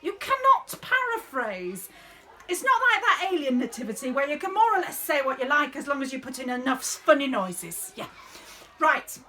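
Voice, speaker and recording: A woman's voice: sits high, sing-song, normal speed, sharp tone, heavily acted. A woman playing a fussy, bossy drama director running a school nativity rehearsal, in a theatrical, exasperated comic monologue.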